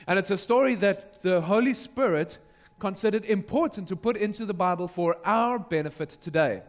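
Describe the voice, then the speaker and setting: A man's voice: high voice, normal speed. A male pastor retelling a Bible story in a sermon, vividly narrating and acting out the characters.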